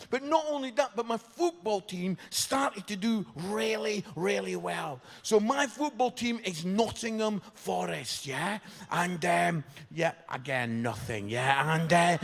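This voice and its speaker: A Scottish pastor in his fifties tells a funny story from the pulpit, animated and fond of a questioning "yeah?". His voice sits high for a man and has a gravelly edge. It rings with the long reverb of a church hall. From Scotland. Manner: animated, comic, tags lines with "yeah?". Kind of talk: sermon storytelling.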